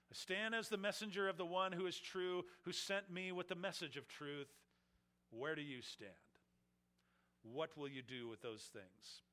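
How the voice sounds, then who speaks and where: A male preacher delivering an expository sermon in a bright, forceful voice pitched a little high. He presses his points hard, rising loud and then falling away to near quiet. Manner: emphatic, swelling and dropping in volume.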